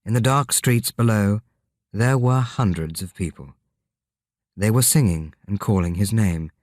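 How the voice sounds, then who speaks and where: A male narrator reading a simple story for learners, taking it slowly and clearly. His voice sits low, and the recording is close and completely dry. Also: a little mellow, dry recording. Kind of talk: graded-reader audiobook narration.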